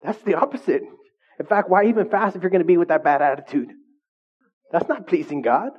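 Speaking a little fast in a high, slightly rough voice with lively intonation, a male pastor preaches conversationally. He often checks in with the congregation, and the recording is dull and lo-fi.

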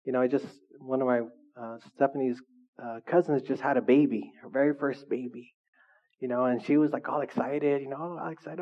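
Man preaching a lively, chatty sermon. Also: medium pitch, fairly quick, lo-fi sound. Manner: conversational, animated, asks the congregation questions. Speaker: pastor.

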